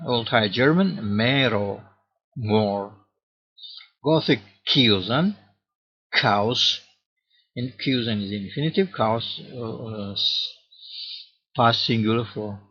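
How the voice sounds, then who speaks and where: A man lectures at a slow, deliberate pace, pausing often to search for words. His voice sits at a middle pitch. The recording is dull and lo-fi. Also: husky. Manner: slow and halting, many uh fillers. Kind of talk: academic lecture.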